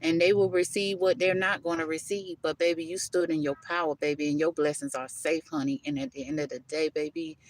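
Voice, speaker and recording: A woman's voice: deep voice, fairly even intonation, a little fast, hardly any pauses, no room sound. Emphatic woman giving a spiritual reading. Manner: emphatic, repetitive, calls listener baby and honey; loose, conversational, with self-interruptions. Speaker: tarot reader. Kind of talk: live spiritual reading monologue.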